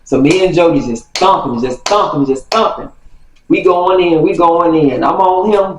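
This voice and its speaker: A woman vlogger telling a story from her youth, animated and acting out the quotes. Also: lowish voice, moderate pace, muffled recording. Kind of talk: casual storytime. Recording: roomy, distant mic.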